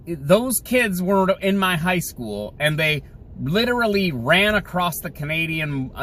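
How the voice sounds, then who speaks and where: A man hosts his own podcast from behind the wheel, delivering sarcastic, opinionated commentary. His voice sits a little high for a man, and he mocks others in shrill put-on voices. A faint hum of car and road noise runs underneath. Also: sharp tone, poor audio. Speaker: podcast host. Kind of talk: opinionated solo commentary while driving. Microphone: phone or camera mounted in the car.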